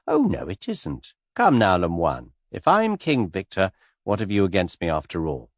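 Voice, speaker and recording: A man voicing a cool English gentleman suspect, speaking lightly and teasingly in an unhurried way. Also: deep voice, wildly swooping pitch, no echo, studio quality, exaggerated voice. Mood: amused.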